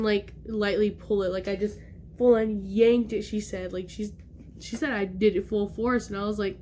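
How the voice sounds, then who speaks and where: A young woman vlogger telling a personal story in casual talk, animated and acting out the voices she quotes. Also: medium pitch, a little hiss or hum.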